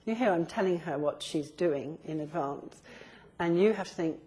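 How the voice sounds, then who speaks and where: A woman's voice: fairly low pitch, normal speed. A middle-aged woman giving a live business communication talk, acting out little example conversations and laughing often. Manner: lively, acts out example dialogues, laughs often.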